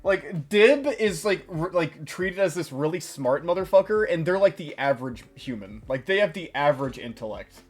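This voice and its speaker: A young man co-hosting a casual stream chat, rambling and excitable, swearing often as he talks. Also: on the high side, moderate pace, hardly any pauses, slightly rough, soft background music. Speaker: stream co-host.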